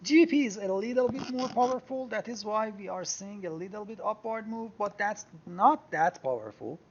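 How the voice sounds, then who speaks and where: A man teaching a software screen-share tutorial, explaining step by step and thinking aloud as he clicks through charts. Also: high-pitched, moderate pace, muffled recording, a little hiss or hum. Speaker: trading software instructor.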